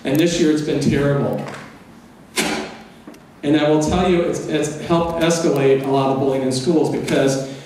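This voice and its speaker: This middle-aged man's voice sits on the high side and is a little mellow, moving at a moderate pace with frequent pauses. He delivers a frank, funny personal storytelling lecture, heard from a distance in an echoey hall with slight background noise.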